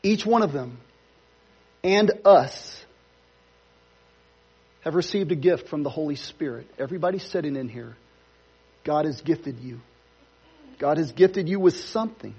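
A man's voice: on the high side, lively intonation, a little slow, long pauses, darkish tone, husky, dull audio. A man pastor preaching a sermon in a church, conversational with playful asides. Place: church sanctuary.

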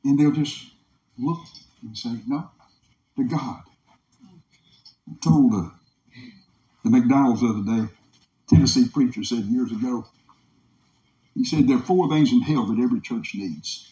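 A man's voice: mid-range voice, measured pace, pauses often, mellow. A man preaching a revival sermon in a church, impassioned, with a rising and falling preaching cadence. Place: church meeting room. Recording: echoey room.

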